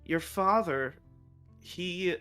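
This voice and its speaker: A man voicing a remorseful old female castle cook who speaks in halting, apologetic bits. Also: sits high, pushed and bright, clear, resonant tone, soft background music, exaggerated voice. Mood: dazed, apologetic.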